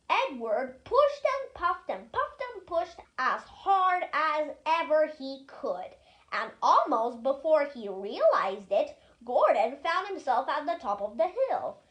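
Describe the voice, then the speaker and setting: High-pitched, slow storybook reader. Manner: lively, expressive read-aloud delivery. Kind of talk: storybook reading aloud.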